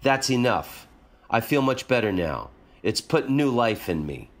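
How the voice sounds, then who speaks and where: A man's voice: mid-range voice, sing-song, measured pace. A man voicing a weary, plainspoken peasant wet nurse in a read-aloud story. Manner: blunt, plainspoken talk.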